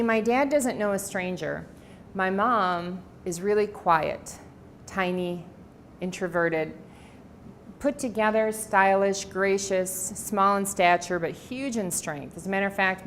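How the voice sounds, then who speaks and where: Lowish-voiced woman telling family stories. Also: a little hiss or hum. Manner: warm anecdotal storytelling with quoted dialogue. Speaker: author giving a library talk. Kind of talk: personal storytelling talk. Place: library presentation room.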